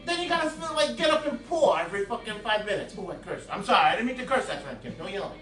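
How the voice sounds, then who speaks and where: A man with a very high, bright voice hosts a casual home cooking video, rambling through crude jokes and asides to the viewers. He is caught from across an echoey kitchen, with faint music playing behind him. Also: big pitch swings, fast, far from the mic.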